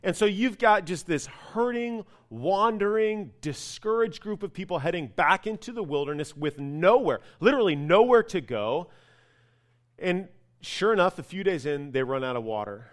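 A male pastor preaching a sermon in a conversational, animated storytelling way, with casual asides. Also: sits high, normal speed.

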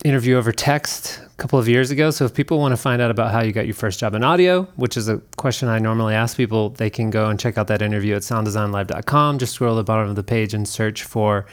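A man's voice: fairly low pitch, fast, hardly any pauses. A man hosting a podcast, asking questions in a casual, friendly interview. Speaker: podcast host. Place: outdoors at a mountain view.

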